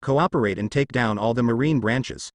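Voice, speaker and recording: A man's synthetic voice playing a boastful, domineering pirate captain who taunts with loud laughter. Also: mid-range voice, moderate pace, a little hiss or hum, close to an everyday voice. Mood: scheming. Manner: boisterous laughing, grinning taunts.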